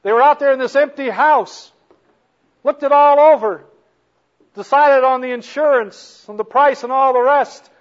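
A man preaching a sermon as a story, animated, moving from soft to loud. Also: very high voice, normal speed, lo-fi sound.

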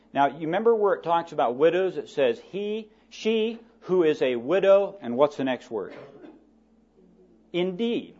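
A man preaching a sermon in a church, reading scripture slowly and then talking plainly to the congregation. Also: fairly high pitch, darkish tone, muffled recording.

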